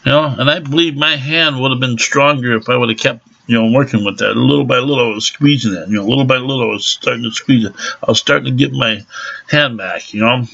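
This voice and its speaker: A man's voice: medium pitch, fast talker, vocal fry, fairly bright tone, slightly rough. A middle-aged man telling rambling, profane stories in casual chat, full of fillers and restarts. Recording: dull lo-fi home recording.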